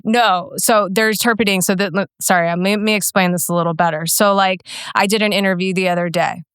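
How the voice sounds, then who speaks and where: A woman in her forties, a guest in a casual interview, talking in an animated way and acting out quoted voices. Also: medium pitch, fairly quick, clear, resonant tone, dry recording, studio quality. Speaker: podcast guest.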